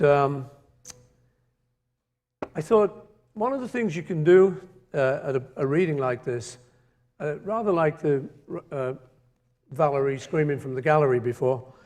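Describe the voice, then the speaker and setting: A man reading a poem aloud on stage, then joking with the audience in a playful, halting way full of fillers. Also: fairly high pitch, expressive, a little mellow. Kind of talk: poetry reading and stage banter. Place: large hall with a live audience. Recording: reverberant live hall with crowd.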